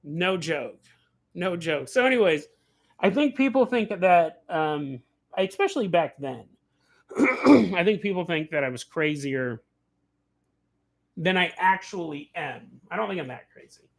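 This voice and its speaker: A man hosting a casual livestream, telling animated stories, acting out the people he quotes and laughing often. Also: sits high, a little slow, pauses often. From California. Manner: laughs often mid-sentence. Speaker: podcast host.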